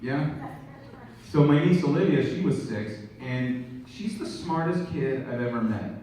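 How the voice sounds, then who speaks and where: A man's voice: medium pitch, expressive, a little slow, dark tone, recorded from a distance, a little hiss or hum. A man in his late thirties doing live stand-up, teasing the crowd playfully on a handheld mic in a big auditorium. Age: late 30s. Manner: playful, teasing crowd work with acted quotes. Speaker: stand-up comedian and guest actor. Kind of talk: live stand-up with audience banter. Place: large college auditorium stage. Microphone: handheld mic, heard from far off. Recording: echoey hall audience recording from afar.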